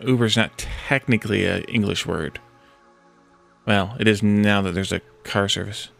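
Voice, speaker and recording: Gravelly-voiced man streaming a game. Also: fairly low pitch, steady tone, moderate pace, fairly bright tone, faint music behind. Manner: chatty, reacts to chat, talks to himself while building. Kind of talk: casual let's-play commentary.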